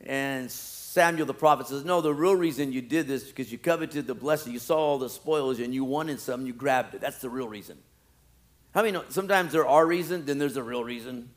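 A male pastor preaching a sermon, animated, swinging from loud pleading to quiet, low asides. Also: a little fast.

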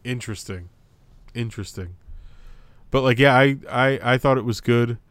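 A young podcast co-host talks casually about wrestling at normal speed, rambling with frequent fillers and restarts. His medium-pitched voice is clear, resonant and a bit bright, recorded dry.

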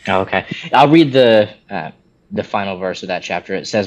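A man with a lowish voice co-hosts a casual podcast, talking loosely with frequent restarts and false starts. The sound is a little dull and lo-fi. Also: normal speed. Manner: rambling, many restarts, animated when quoting. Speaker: podcast co-host.

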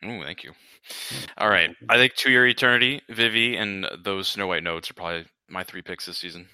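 Man, podcast host, very bright tone, crisp and clear, dry close mic, joking self-deprecating chat. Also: low voice, brisk, no echo. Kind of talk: casual chat.

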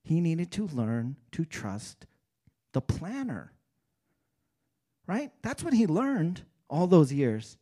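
A male pastor delivers a relaxed, conversational sermon. He peppers it with rhetorical questions. His delivery swings between loud, animated stretches and hushed, earnest ones. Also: on the high side, slow, long pauses. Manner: casual preaching with rhetorical questions and "right?".

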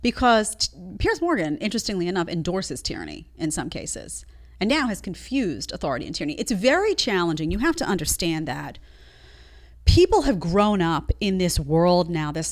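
Woman host, live commentary, very expressive pitch, sarcastic, scolding, emphatic. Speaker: show host.

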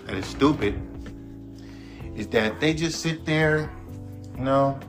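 A man's voice: medium pitch, slow, music in the background. A man hosting his own podcast, a rapper ranting in a laid-back, rambling, profane way. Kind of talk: casual monologue.

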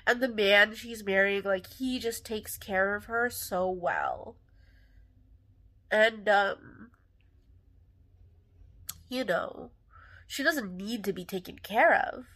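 A woman's voice: mid-range voice, very slow, long pauses, sharp tone. Candid rambling young woman podcaster. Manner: rambling, filler-heavy, candid and emotional. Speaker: podcast host. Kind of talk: casual solo podcast monologue.

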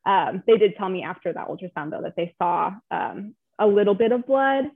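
A woman's voice: medium pitch, expressive, normal speed, no room sound. Young woman guest, chatty and emotional, dry tinny phone-line sound. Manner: chatty, emotional, lots of fillers. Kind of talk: personal story in a casual interview.

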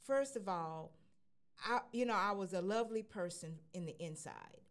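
A woman's voice: medium pitch, expressive, moderate pace. A woman speaking earnestly in casual radio chat, sharing a personal story with hesitant fillers.

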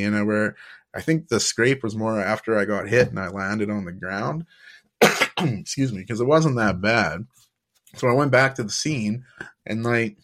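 Young dude rambling about sports on his podcast, lowish voice, swears and laughs a lot. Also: fairly bright tone. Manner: laid-back, chatty, laughs often, swears casually. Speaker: podcast host. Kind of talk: casual sports recap and storytelling.

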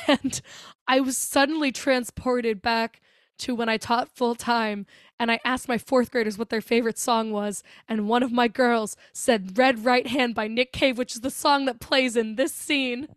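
Young female podcast co-host, high voice, dry close mic, animated storyteller who acts out lines. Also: unhurried, no room sound. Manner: animated retelling with many quoted voices and laughs. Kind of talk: casual chat recapping a film.

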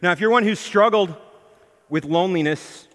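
At normal speed, a pastor with a high, somewhat bright voice delivers an emphatic sermon in a church hall with long reverb. He addresses questions to the congregation and voices the lines he quotes.

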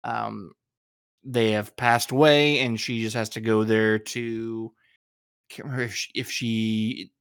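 A man's voice: on the low side, fairly even intonation, unhurried, a bit bright, clean tone, dry recording, studio quality. A man co-hosting a podcast in casual chat, talking hesitantly with many likes and ums. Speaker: podcast co-host.

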